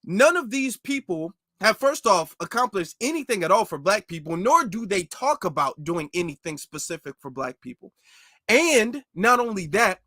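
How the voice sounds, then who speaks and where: A man hosting a commentary video, reacting critically and emphatically to a clip he pauses and mocks. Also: high-pitched, sing-song, bright, forceful tone, no room sound, studio quality.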